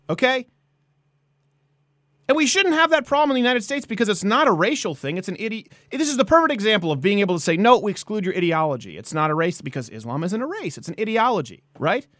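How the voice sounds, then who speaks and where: A man hosts a comedy live-stream, swinging his voice widely as he rants with emphasis. His pitch sits a little high, and the sound is dry and close. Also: dry recording. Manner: animated, emphatic ranting with jokes. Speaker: host.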